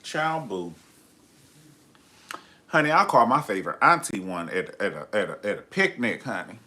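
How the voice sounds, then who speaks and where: A man's voice: lowish voice, lively intonation, moderate pace, sharp tone. A man hosting a live reality TV review, talking in a sassy, campy, gossipy way. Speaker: host of a live review show.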